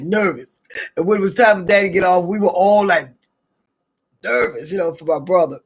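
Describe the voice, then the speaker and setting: A middle-aged woman from the American South talks in a chatty, drawling Southern accent. Her voice is gravelly and husky, with a rough texture. She rambles warmly through stories and laughs often. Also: fairly low pitch. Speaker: vlogger. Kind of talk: casual morning chat and storytelling.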